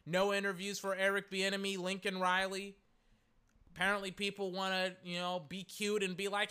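A man giving a solo sports opinion rant, exasperated and animated, often stopping to correct himself. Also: high voice, normal speed, smooth. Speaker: sports commentator.

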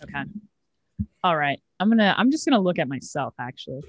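Over a laptop mic, a nineteen-year-old comedy club host chats on a video call and performs a self-mocking stand-up bit full of exaggerated deadpan bragging. She speaks fairly quickly in a low voice; the audio has no echo and the highs are cut off.

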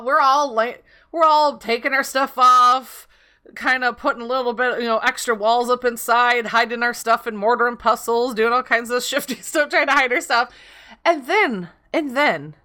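A woman co-hosting a casual chat, telling animated gaming stories with laughter. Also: high voice.

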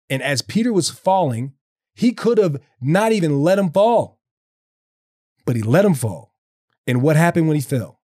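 A man's voice: a little high, warm tone, no room sound, clean studio sound. Earnest rambling man talking faith. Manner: earnest, rambling, many "like"s and restarts. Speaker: guest speaking about faith. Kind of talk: casual faith conversation.

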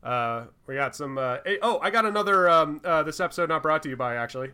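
A man's voice: fairly high pitch, lively intonation, quick pace, sharp tone, smooth. A man co-hosting a casual podcast, talking in a rambling way with lots of fillers and restarts. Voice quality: rambling, many fillers and restarts, laughs often. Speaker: podcast co-host. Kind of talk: casual chat.

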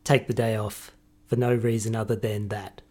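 Very deep husky tired woman. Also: flat delivery, darkish tone. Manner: low-key, measured, tired. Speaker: podcast co-host. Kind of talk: casual couple's podcast chat.

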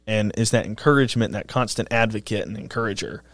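Relaxed pastor chatting on a podcast. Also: male voice, fairly low pitch, fast talker, dry recording. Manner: relaxed, self-deprecating, joking. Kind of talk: casual chat about sermons.

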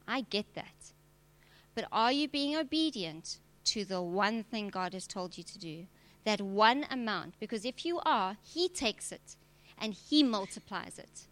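A woman's voice: fairly high pitch, lively intonation, unhurried, a bit bright. A woman preacher, giving a direct, emphatic sermon with touches of humor. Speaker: preacher and church leader.

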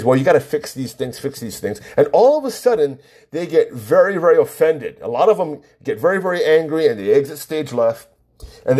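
A man talking casually to the camera, animated as he acts out both sides of an argument. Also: fairly high pitch, slightly rough. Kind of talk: casual monologue.

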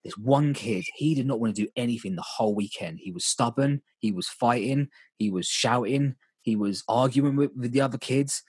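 Husky man telling stories. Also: mid-range voice, moderate pace, hardly any pauses, a little mellow, no room sound. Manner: candid, rambling, restarts sentences. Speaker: volunteer youth coach. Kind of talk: casual storytelling chat.

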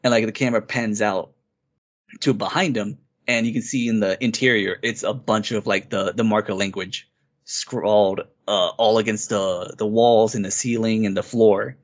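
This podcast co-host has a fairly low, steady voice and talks at normal speed. He eagerly and loosely retells a game's plot as part of a laid-back review conversation, captured on dull, lo-fi audio.

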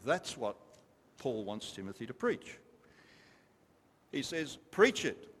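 A man's voice: mid-range voice, animated, takes it slowly, slightly rough. A man preaching a sermon to a congregation, emphatic and repetitive, stopping to ask them questions. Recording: long reverb of a large hall.

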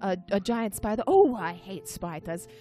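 A woman's voice: medium pitch, very animated, moderate pace, dark tone, soft background music, close to an everyday voice. A woman voicing a flustered young male warrior who stammers and pleads, reading from a story. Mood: frightened.

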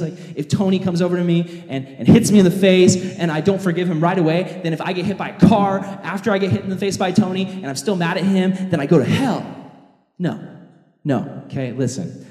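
A man preaching a sermon in a loose, energetic storytelling way, recorded in a large hall. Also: high voice, brisk. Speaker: pastor. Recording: echoey hall reverb.

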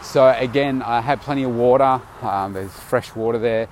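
A man's voice: medium pitch, normal speed, darkish tone, a little hiss or hum. A tired man casually recording an audio diary outdoors, rambling loosely with many fillers and restarts. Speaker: vlogger.

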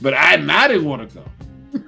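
A man's voice: a little high, unhurried, creaky, over music. A man co-hosting a podcast, telling stories animatedly and swearing freely in casual chat. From Florida. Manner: animated storyteller acting out voices, swears freely. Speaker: podcast co-host.

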